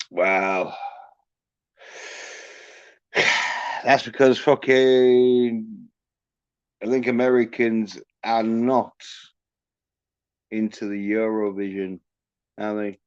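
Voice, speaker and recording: A man's voice: medium pitch, drawn-out words, long pauses, clean tone, dry recording. A man hosting a livestream, ranting with constant swearing. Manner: profane, ranting, heavy swearing. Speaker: livestream host. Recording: dull lo-fi stream audio.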